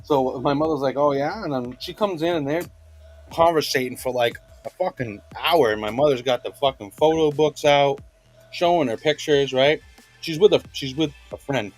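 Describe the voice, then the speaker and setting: A man's voice: mid-range voice, normal speed, soft background music. A young man, telling a story in casual, profane podcast chat. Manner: profane, laid-back storyteller. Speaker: podcast guest.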